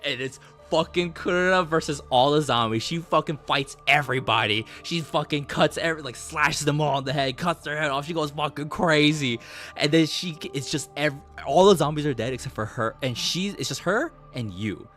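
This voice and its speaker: A young man streamer recapping a game in a casual, rambling, excitable way, swearing and saying "like" a lot. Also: fairly high pitch, normal speed, soft background music.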